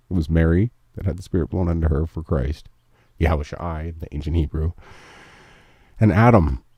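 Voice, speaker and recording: A man's voice: low-pitched, mellow, breathy edge, no echo. A man hosting a casual morning show, reading memes aloud and talking about his faith in an earnest, emotional way. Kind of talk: casual live-stream chat reading memes.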